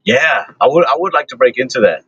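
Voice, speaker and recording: A man in casual podcast chat, talking in a laid-back, monotone way with lots of fillers. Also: mid-range voice, a little fast, breathy edge, no room sound. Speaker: comedian, podcast guest. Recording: dull lo-fi recording.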